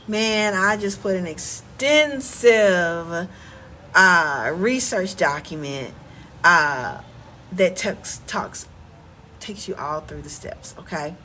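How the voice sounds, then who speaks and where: A woman's voice: medium pitch, bright, forceful tone, a little hiss or hum, low-quality recording. A middle-aged woman with a Southern US accent talking casually on a phone livestream, emphatic and repeating words, often asking "okay?". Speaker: vlogger and relocation coach. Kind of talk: casual livestream talk to viewers.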